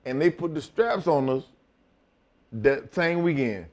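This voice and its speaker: A man's voice: a little high, lively intonation, measured pace, a little mellow. A middle-aged man telling wrestling stories as an interview guest, blunt and full of swearing, acting out both sides of old conversations. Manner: blunt, swears often, acts out both sides of quoted talk. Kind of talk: profane shoot-interview storytelling.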